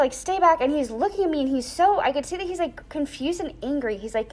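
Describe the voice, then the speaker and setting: A young woman in a casual interview, telling a personal story with lively acted-out quotes and lots of "like". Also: sits high, fast talker. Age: young adult. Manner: animated storyteller, acts out quoted voices; frequent "like" fillers.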